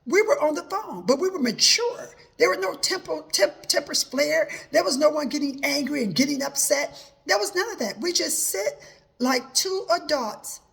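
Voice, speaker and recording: A woman's voice: high-pitched, vocal fry, fairly bright tone. A woman hosting a personal advice talk, telling her own story earnestly and quoting herself with many repetitions of "I said". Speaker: host.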